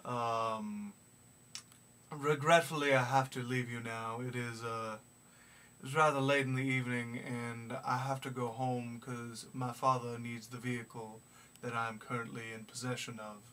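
Slow man in a put-on Southern drawl. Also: medium pitch, little pitch movement, a bit bright. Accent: put-on gentlemanly American Southern. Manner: slow, formal and hesitant, many filler pauses. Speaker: vlogger. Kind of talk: casual video diary. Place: small music practice room indoors. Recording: distant mic with faint background noise.

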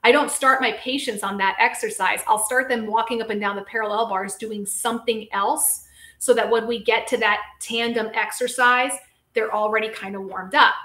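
A lively, chatty woman hosts a casual live-stream question session, speaking as a physical therapist. Her voice sits a little high, and she keeps turning to her viewers as she talks. The sound carries a noticeable echo of the room around her. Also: normal speed. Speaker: physical therapist and show host.

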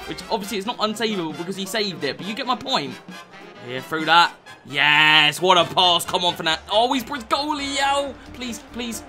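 A man giving lively, excitable gameplay commentary, swearing freely and calling his viewers lads. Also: high voice, moderate pace, over music. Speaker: gaming YouTuber.

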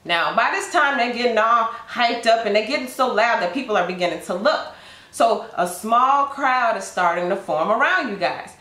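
A woman with a slightly high voice giving a tarot reading, telling it as a story straight to the listener. Her voice rings in a roomy echo. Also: lively intonation, moderate pace, sharp tone. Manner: addresses the listener directly, storytelling. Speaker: tarot reader.

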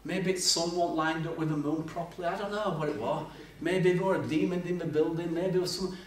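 A man's voice: on the high side, brisk. A man preaching a sermon, telling stories with humor and acting out voices. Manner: lively storytelling with acted-out voices and humor. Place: church hall. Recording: echoey church hall from far off.

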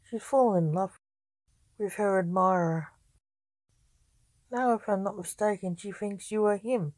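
A woman voicing the scolding ghost of a male highwayman who lectures his companion. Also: unhurried, a little mellow, dry recording, lightly acted. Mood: explaining.

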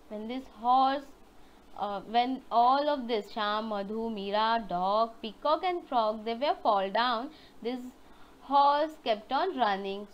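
Slow woman teaching small kids. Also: on the high side, highs cut off. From India. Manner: slow storytelling with questions to kids. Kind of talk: online class lesson for young children.

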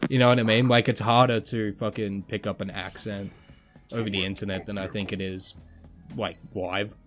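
A man's voice: fairly low pitch, moderate pace, over music. A man with a mild Australian accent, swearing casually and laughing as he chats while playing a game. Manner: relaxed and sweary, laughs often. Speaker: gaming YouTuber. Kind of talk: casual chat while gaming.

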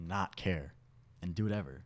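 A young man from Washington State, a podcast guest in casual chat, telling animated stories and laughing often. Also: low voice, normal speed.

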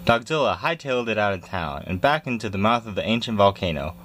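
A man reading a picture book aloud in a lively, expressive way. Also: fairly low pitch, fast talker. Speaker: storybook reader.

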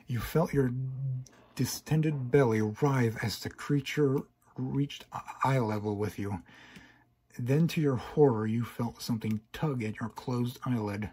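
A man reads a horror story in second person, stumbling and restarting now and then. His voice is very husky and mid-pitched. It is an amateur reading. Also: measured pace, mellow. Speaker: narrator. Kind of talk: horror fan-fiction reading.

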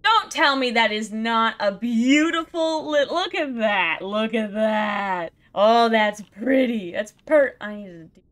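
A woman with a fairly high, animated, slightly bright voice plays a video game at a measured pace, talking to herself in casual, self-mocking commentary. She laughs and groans at the game as a let's play gamer, letting out exasperated sighs and outbursts.

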